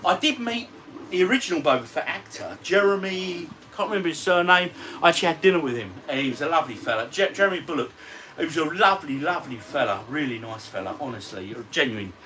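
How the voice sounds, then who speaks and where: A retro gaming vlogger in his 40s chats on a livestream from his games room, friendly and matey as he reads out viewer comments. He talks fast in a fairly high, bright, lively voice that rises and falls, sitting away from the mic amid faint ambient hiss.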